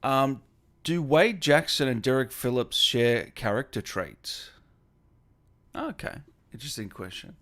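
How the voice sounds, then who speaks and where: A man hosting a casual interview, upbeat and quick to laugh as he chats with his guest. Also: mid-range voice, a bit bright. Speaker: host.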